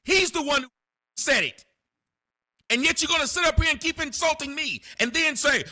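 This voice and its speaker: An angry man shouts his way through a heated livestream argument. His voice is extremely high and piercingly bright, and he is confrontational throughout. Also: normal speed, pauses often. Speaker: livestream guest.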